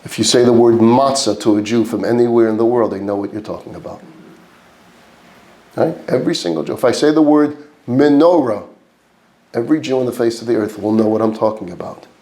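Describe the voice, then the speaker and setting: A rabbi with a New York accent leads a class in a mid-pitched male voice. He throws rhetorical questions at the room and answers them himself. His delivery stacks repeated phrases into lists as he builds each point. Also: a little fast, dark tone. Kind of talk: lecture to a live class.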